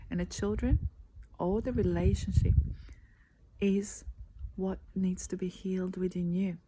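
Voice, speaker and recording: Softly delivering a motivational talk, a dark-voiced woman in the mid range works as a life coach. Her manner is earnest, slow and emphatic, often breathy and close to a whisper, on a low-quality recording with faint background noise.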